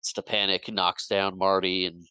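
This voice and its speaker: A man with a slightly low, bright voice retells movie scenes on a podcast, slipping into the characters' lines as he goes and laughing along. The recording is dry and close, with no room sound. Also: little pitch movement, unhurried, clean tone, dry recording, low-quality recording. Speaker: podcast co-host. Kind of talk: casual movie recap chat.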